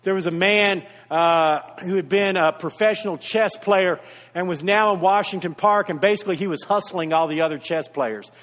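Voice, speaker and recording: A man's voice: high-pitched, normal speed, fairly bright tone. A man preaching a sermon as pastor, earnest and repeating his key points for emphasis, with storytelling asides. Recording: reverberant hall.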